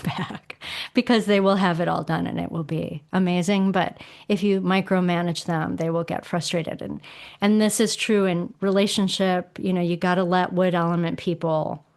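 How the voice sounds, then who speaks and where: A middle-aged woman with a slightly low voice, chatting as a podcast guest. She explains things in a lively, expressive way, slipping into acted-out quotes with punchy emphasis. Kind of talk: casual conversational explanation.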